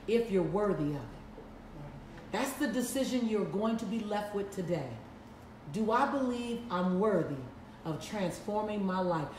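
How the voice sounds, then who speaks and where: A woman's voice: mid-range voice, darkish tone, a little hiss or hum. A woman giving an emphatic, preacherly motivational talk to a live audience, repeating lines for effect. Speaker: motivational speaker. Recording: echoey room, mic at a distance.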